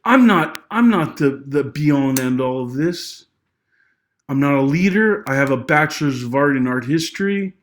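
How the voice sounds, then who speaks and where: A man's voice: medium pitch, expressive, moderate pace, slight background noise. A young adult man giving an unscripted personal monologue of social commentary, emotional and rambling, with many restarts and apologies, his voice climbing when he gets angry. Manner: agitated, voice rising when angry.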